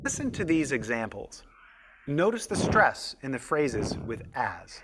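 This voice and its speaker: A pronunciation coach from a course video, his pitch moving in a lively, animated way. He speaks in a clear, measured style and models each phrase carefully for learners. Faint noise sits under the voice. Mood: instructive. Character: friendly adult male pronunciation coach. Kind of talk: scripted instructional narration.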